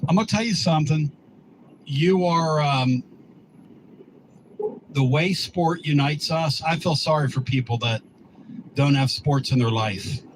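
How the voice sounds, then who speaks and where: Blunt, folksy sports radio host. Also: male voice, a little high, unhurried, long pauses, a little hiss or hum, poor audio.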